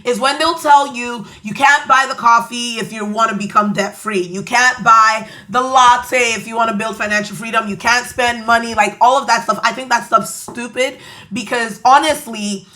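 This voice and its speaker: A woman with a Nigerian accent delivers a motivational podcast monologue in a bright, forceful, slightly high voice. She talks emphatically and preaches at her listeners, repeating words for punch. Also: fairly even intonation, moderate pace. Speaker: podcast host.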